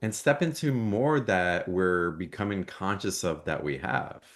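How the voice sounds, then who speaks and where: A man's voice: low-pitched, big pitch swings, unhurried. A man hosting a live spiritual call, affirming and encouraging, reading out offers and calling on callers. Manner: affirming, soft-spoken, encouraging. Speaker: host.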